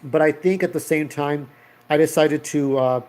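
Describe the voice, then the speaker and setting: A man's voice: a little high, fairly even intonation, normal speed, a little mellow. A man in his thirties telling a story in a casual vlog, rambling and swearing as he acts out the characters. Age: 30s. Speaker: vlogger.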